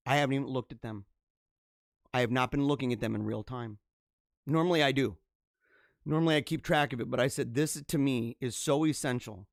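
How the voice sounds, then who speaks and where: A man's voice: mid-range voice, brisk, long pauses, no room sound. Fervent preaching man, dry close sound. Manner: fervent, preachy, swings from hushed to loud. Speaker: host of a live religious show. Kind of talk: impassioned live-stream monologue.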